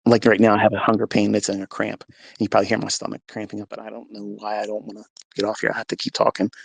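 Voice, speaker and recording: Gravelly-voiced man telling a heartfelt story. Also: on the low side, quick pace, slight background noise. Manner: earnest, animated, voice rises and falls with the story. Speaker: speaker sharing a faith testimony. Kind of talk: emotional personal storytelling. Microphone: phone in a live audio room.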